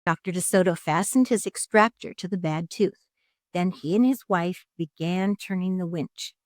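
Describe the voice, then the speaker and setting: A woman reading a children's storybook aloud in an expressive, dramatic narrating style. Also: lowish voice, normal speed, no echo, clean studio sound.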